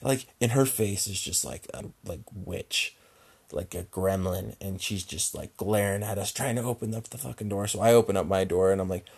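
A man's voice: on the low side, moderate pace, creaky, a little mellow, breathy edge. A young man telling a long road-trip story in a rambling, casual way, with constant filler words and frequent swearing.

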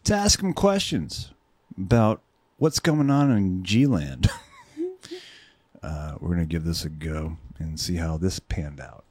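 Sex: man. Role: co-host. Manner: joking, swearing, laughing. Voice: lively pitch, dry sound. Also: slow pace, breathy edge, dry recording. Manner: animated, swearing, laughing, jokey. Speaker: podcast co-host. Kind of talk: casual reaction chat.

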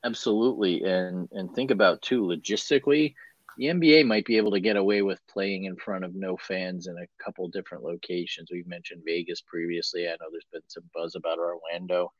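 Deep voiced guy breaking down football, dull dry audio. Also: steady tone, no room sound. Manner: brisk, analytical, asks rhetorical questions. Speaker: co-host. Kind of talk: casual sports talk.

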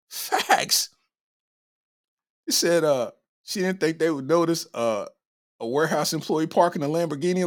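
A male podcast host in casual comedic commentary, his pitch swinging widely as he reacts. He talks in heavy slang with an incredulous edge, breaking into laughter between remarks. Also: very animated, moderate pace.

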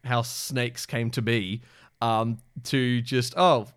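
A man's voice: medium pitch, fairly even intonation, slow pace, fairly bright tone, a little hiss or hum. A man co-hosting a podcast, talking in a rambling, hesitant way with lots of fillers and amused asides. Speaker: podcast co-host. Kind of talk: casual chat.

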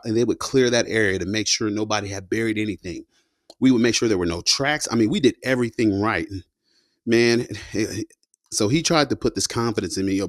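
Man, deep-ish voice, dry recording, slangy, rambling, war-story teller. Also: no room sound. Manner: loose and slangy, peppered with "you know" and "man". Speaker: combat veteran guest telling his story. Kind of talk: casual spoken storytelling.

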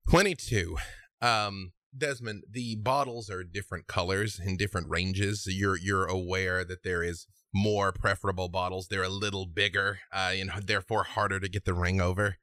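A man narrating a tabletop game as game master, calmly describing scenes and calling for checks. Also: deep voice, normal speed, dry recording. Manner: calm, descriptive, with rulings.

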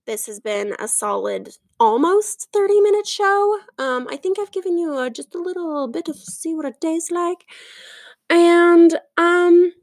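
A woman with a high voice that is giving out on her rambles sarcastically through a casual podcast monologue. She leans on fillers and asides as she mocks whatever crosses her mind. The sound is dry and close to the mic. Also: no echo. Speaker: podcast host.

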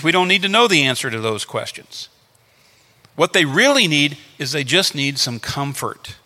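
Guy preaching, kinda high, gravelly voice, earnest and repetitive, long echo tail. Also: bright, forceful tone. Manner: earnest teaching with repeated phrases. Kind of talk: sermon. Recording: long hall reverb.

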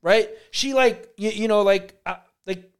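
A man with a slightly high voice, co-hosting a casual podcast. He tells his story in an animated, profane way, full of "like" and quoted yelling. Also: unhurried, clear, resonant tone. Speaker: podcast co-host.

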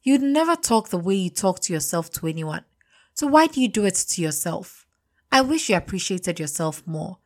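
A woman's voice: on the low side, very animated, moderate pace. A woman voicing a frank, caring female friend who scolds her insistently in a spoken story. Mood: urging.

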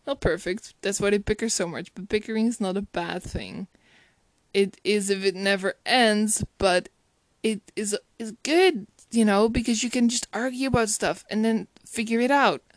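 In a dry recording, a woman reviews a romantic movie in a relaxed, conversational way, speaking at a medium pitch and normal speed. She reflects as she talks, laughs frequently, and keeps restarting her sentences.

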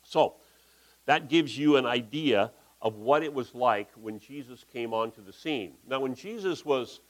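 A man's voice: medium pitch, animated, unhurried, rough recording. A man giving a conversational, folksy sermon in a church, talking through slides with asides. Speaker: pastor.

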